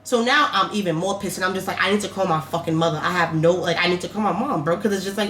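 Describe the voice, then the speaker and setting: A woman tells a personal storytime in a vlog, cursing freely and shifting between loud outbursts and low, slow reflection. Her voice sits in an echoey room. A faint background hiss runs underneath. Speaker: vlogger. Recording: roomy echo, faint background noise.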